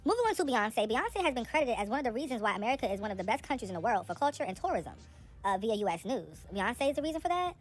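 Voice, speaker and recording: A young woman giving casual, sassy entertainment gossip commentary, chatty and animated with quick asides. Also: on the high side.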